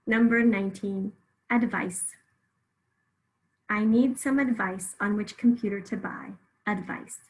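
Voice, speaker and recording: A woman teacher giving a spelling test and going over the answer key, saying each word and breaking it into syllables with clear, careful enunciation. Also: medium pitch, a little slow, long pauses, darkish tone, low-quality recording.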